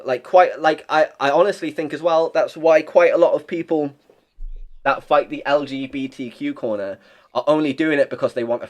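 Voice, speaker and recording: A young man chatting as a podcast guest, rambling and blunt, swearing freely with lots of restarts. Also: medium pitch. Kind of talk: casual chat.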